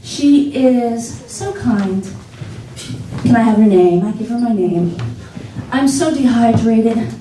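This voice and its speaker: A woman doing a stand-up set on a comedy theater stage, telling stories with animated exclaimed asides. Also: fairly high pitch, takes it slowly, slight background noise. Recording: echoey theater, distant mic.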